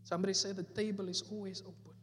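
A man's voice: sits high, flat delivery, fast talker, fairly bright tone. A man preaching a sermon, repeating his key phrases with rising emphasis. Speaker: pastor. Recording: echoey hall with faint music.

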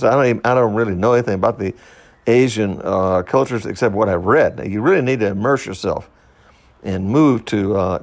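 A middle-aged man hosting a solo podcast, rambling with many fillers and restarts, swinging between loud high bursts and quiet low asides. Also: creaky. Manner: rambling, with frequent fillers and self-interruptions. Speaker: podcast host.

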